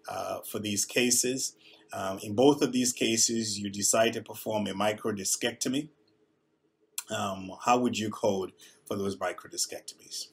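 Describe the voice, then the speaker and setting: A man, a surgeon, gives a measured instructional presentation with frequent filler sounds. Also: lowish voice, breathy edge. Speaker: neurosurgeon teaching coding.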